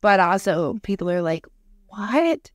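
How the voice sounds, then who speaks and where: A young adult woman co-hosting a podcast in casual chat, talking fast with lots of "like" and acting out quotes. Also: on the low side, a little mellow, dry recording, studio quality. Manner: chatty, fillers like "like", acts out quotes. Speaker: podcast co-host.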